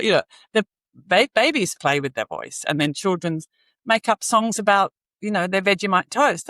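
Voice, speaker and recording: An earnest woman talks as a guest on a podcast, mid-pitched and unhurried. Her voice is dry and close, with no room around it. She laughs softly between points. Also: expressive, dry recording. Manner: earnest, warm explainer with soft laughs and "you know" fillers. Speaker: singing advocate guest. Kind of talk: podcast interview.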